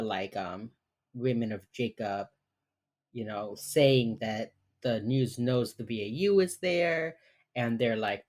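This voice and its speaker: Rumbling low and darkish in tone, this woman's voice carries a rambling TV episode recap on the podcast she co-hosts. She swears casually and laughs often.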